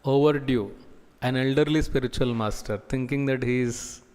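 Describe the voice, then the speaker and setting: A man giving a scripture class as a preacher, talking slowly with many pauses and fillers. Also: mid-range voice, fairly even intonation, darkish tone, clear, resonant tone, in a large hall. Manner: slow, halting delivery with many pauses and fillers. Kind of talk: sermon. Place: temple hall.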